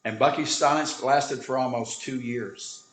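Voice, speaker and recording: A man tells a moving story at an even pace and in a medium-pitched voice. His delivery is earnest, and he uses dramatic pauses to let moments land. The room around him is noticeably echoey. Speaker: instructor. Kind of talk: storytelling talk.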